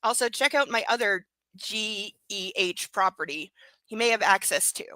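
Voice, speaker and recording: A woman's voice: medium pitch, normal speed, bright, forceful tone, no room sound, natural voice. A woman reading as a curt controlling rich man. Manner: clipped, commanding.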